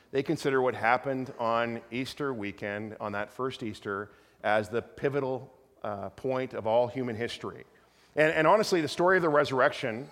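A middle-aged man pastor telling a rambling, animated story in a sermon, with many restarts. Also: mid-range voice. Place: church sanctuary. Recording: long hall reverb.

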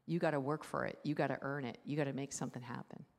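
A woman pastor giving a conversational sermon in a church. She talks in a lively way, asking the congregation many rhetorical questions. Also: extremely low pitch, quick pace. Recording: long hall reverb.

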